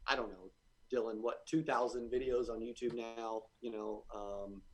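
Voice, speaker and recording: Brief: young male guest in his 20s, mid-pitched voice, eager and fast to restart phrases. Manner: energetic, repeats words when starting sentences. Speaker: guest entrepreneur. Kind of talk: casual interview conversation.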